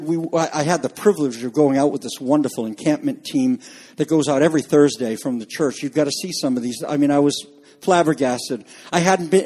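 A pastor preaching in a somewhat high-pitched male voice. He is emphatic yet conversational, leaning on key words and turning to the congregation with asides. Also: darkish tone, slightly rough. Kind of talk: sermon.

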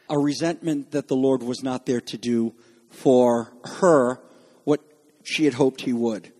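A man preaching an expository sermon in a measured teaching manner, acting out the quoted lines. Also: on the high side, a little mellow, long reverb tail.

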